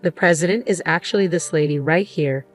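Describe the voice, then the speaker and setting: A woman voicing a calm, composed male lawyer who lays out the facts evenly. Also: lowish voice, brisk, faint music behind, close to an everyday voice. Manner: calm, even.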